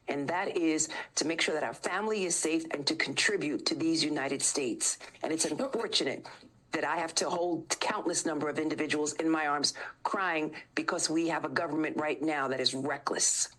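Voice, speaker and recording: A middle-aged woman who is a state attorney general, answering questions in a televised news interview in a measured, formal way, listing points with frequent ums. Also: low-pitched, fairly bright tone, low-quality recording.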